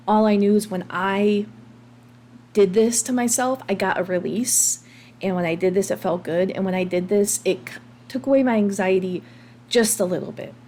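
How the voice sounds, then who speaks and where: A woman's voice: medium pitch, darkish tone, a little hiss or hum. An American woman in her thirties hosting a podcast, speaking openly and confessionally about her own past, with frequent ums and restarts. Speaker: podcast host. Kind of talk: candid personal monologue.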